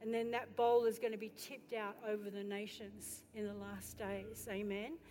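A woman pastor preaching a sermon with passion, building to loud exhortation and turning to the congregation with chatty questions and asides. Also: mid-range voice, level tone, normal speed. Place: church. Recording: echoey hall with faint music.

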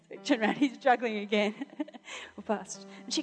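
High-voiced woman preaching. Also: moderate pace, soft background music. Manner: chatty storytelling, many "you know" fillers and restarts. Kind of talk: sermon with personal anecdotes.

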